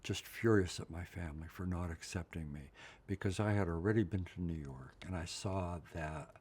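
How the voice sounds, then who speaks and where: A man's voice: sits low, normal speed, a little mellow, breathy edge. An older man from Pennsylvania, telling his life story in an interview, blunt and emotional, often checking in with "right?". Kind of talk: candid personal storytelling.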